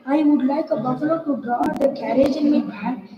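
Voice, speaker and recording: A woman's voice: high-pitched, moderate pace, echoey room, in a large hall, muffled recording, crowd noise, natural voice. A woman voicing grumbling, scornful bears in a storybook. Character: grumbling lazy bears pulling a carriage.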